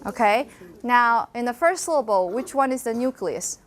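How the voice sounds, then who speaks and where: A woman giving a university phonetics lecture, repeating example words slowly to demonstrate sounds and now and then slipping into Mandarin. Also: fairly high pitch, expressive. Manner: switches briefly into Mandarin. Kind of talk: classroom lecture. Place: lecture hall.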